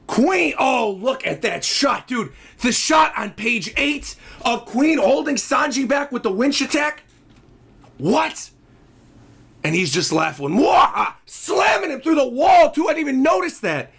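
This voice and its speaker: A man hosting a live manga reaction stream, excitable and often shouting and exclaiming as he reads along. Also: very high voice, a little slow, creaky, husky.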